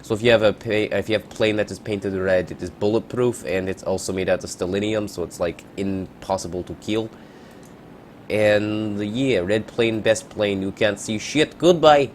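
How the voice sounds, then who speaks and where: A man's voice: on the low side, fairly even intonation, normal speed, slight background noise, natural voice. A man playing a boastful pilot proud of his red plane, in a mock Russian accent with goofy broken grammar. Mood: bragging.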